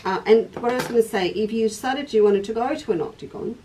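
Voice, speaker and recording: A woman's voice: fairly high pitch, fast, noisy background. Chatty woman hosting a craft stream. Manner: chatty, laughing, reads out viewer comments. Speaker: craft shop host. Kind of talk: casual craft livestream chat. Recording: distant mic.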